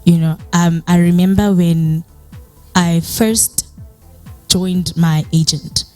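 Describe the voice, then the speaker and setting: A woman's voice: fairly low pitch, fairly even intonation, slow pace, darkish tone, soft background music. A young woman with a South African accent, giving a motivational personal talk as a guest speaker. She tells her story in a chatty way, fills it with "you know", and acts out the dialogue she quotes.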